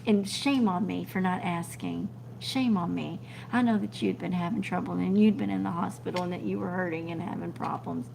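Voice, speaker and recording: A woman's voice: on the low side, steady tone, fairly quick, gravelly, hardly any pauses, noisy background. A middle-aged woman, chatting scattered and laughing as she reads viewer comments on a livestream. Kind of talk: casual live chat.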